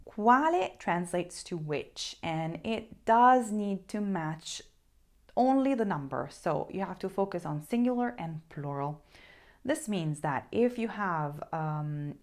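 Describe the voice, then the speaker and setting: A woman teaching a language lesson, who stresses key points by repeating them and models words slowly and carefully for the learner. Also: fairly low pitch, expressive, darkish tone. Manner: slow, careful modeling of pronunciation.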